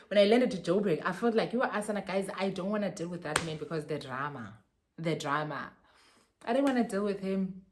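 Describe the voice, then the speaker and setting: A young South African woman with a South African accent, telling a casual story in a lively, animated way and laughing often. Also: fairly low pitch, slight background noise. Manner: animated, mixes English and Xhosa slang, laughs often. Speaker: vlogger.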